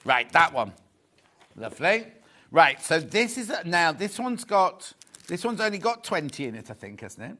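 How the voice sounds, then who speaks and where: Male shopping-channel host, light higher voice, jokey and chatty, corrects himself as he goes. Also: sing-song, moderate pace, bright, forceful tone. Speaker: shopping TV presenter. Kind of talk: live selling chat, reading viewer messages. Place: TV studio.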